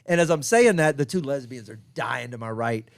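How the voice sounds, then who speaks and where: A Texan comedian and podcast co-host telling a crowd story from a show with plenty of laughing. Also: male voice, medium pitch, fairly quick, vocal fry. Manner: laughing, lively anecdote teller. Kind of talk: casual chat, storytelling.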